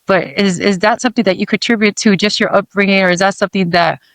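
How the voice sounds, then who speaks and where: A man's voice: sits high, fairly even intonation, fast talker, fairly bright tone, no room sound, poor audio. A man hosting a podcast interview, supportive and appreciative, with hesitant fillers as he frames his questions. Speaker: podcast host.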